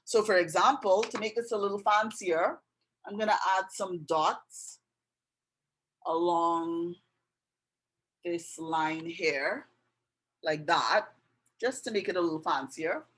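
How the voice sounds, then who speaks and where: A woman with a slightly low voice talks slowly through a drawing lesson. She describes each step gently as she works. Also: breathy edge, poor audio. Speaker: art tutor. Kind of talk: casual drawing tutorial. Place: indoors with passing road traffic.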